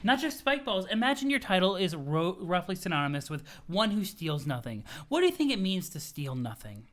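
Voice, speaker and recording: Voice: mid-range voice, big pitch swings, a little fast, a bit bright. A streamer voicing a pompous, domineering young woman who gives haughty orders. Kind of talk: reading a webcomic aloud with voices.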